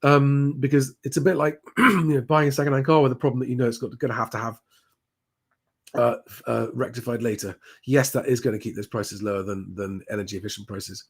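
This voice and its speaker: A man hosting a live stream, answering viewer questions in a relaxed, conversational way with frequent "um" fillers. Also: medium pitch, brisk, husky.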